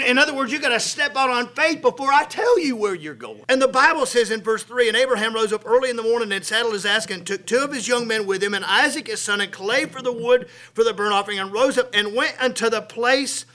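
A middle-aged man preaching a sermon, folksy and animated, swinging between loud and quiet. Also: extremely high pitch, a little fast. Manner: folksy, animated preaching with rising and falling volume.

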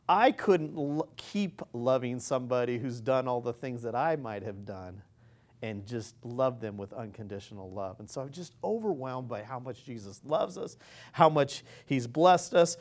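Man, informal lay preacher, earnest, rambling delivery with frequent restarts. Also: on the high side. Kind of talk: informal sermon.

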